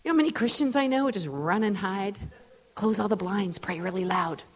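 A woman preacher giving a storytelling sermon in a casual, animated way, full of fillers. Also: medium pitch, brisk, breathy edge, long reverb tail. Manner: conversational, animated, many fillers. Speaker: preacher, guest speaker. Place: large event hall.

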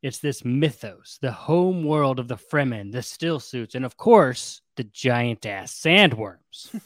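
A man hosting a casual podcast about a book, retelling it in an animated way and laughing often. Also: mid-range voice, takes it slowly, no room sound. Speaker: podcast host.

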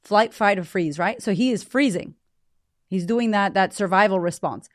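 A woman's voice: mid-range voice, animated, moderate pace, no room sound, studio quality. A woman in her thirties hosting a podcast, talking to parents in a blunt, emphatic way and swearing casually. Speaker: podcast host. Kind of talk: casual motivational talk.

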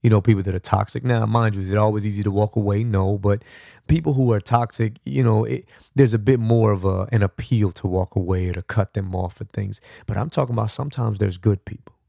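Low gravelly-voiced man musing aloud. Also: fairly even intonation, brisk, mellow, dry recording, clean studio sound. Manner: conversational, rambling, frequent restarts. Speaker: podcast host. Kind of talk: reflective motivational monologue.

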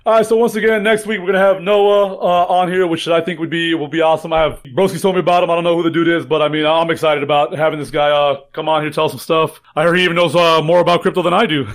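A man's voice: fairly high pitch, fairly even intonation, fast. A man co-hosting a casual trading podcast, rambling, joking and swearing freely. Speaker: podcast co-host.

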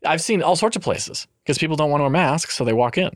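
A young man rambles through a casual podcast chat, full of fillers and lively swings in pitch. The recording is dry and close. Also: fast talker, dry recording. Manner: rambling, animated, with frequent fillers.

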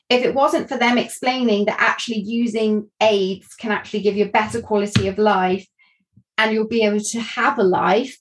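A woman's voice: medium pitch, poor audio. A woman, candidly telling her own story as a guest, earnest and reflective. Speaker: guest sharing a personal story.

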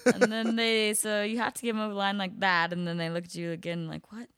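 A woman's voice: mid-range voice, level tone, brisk, a bit bright, clean tone, no room sound, studio quality. A young woman, a bottle service waitress, telling work stories in casual chat, full of "like" fillers and swearing freely.

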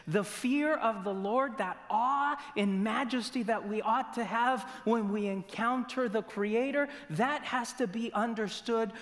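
Man preaching slowly with dramatic whispers. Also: extremely high pitch. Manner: dramatic swings from loud emphasis to near-whispers; slow, deliberate delivery with rhetorical questions. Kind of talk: sermon. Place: church sanctuary. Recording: long church reverb.

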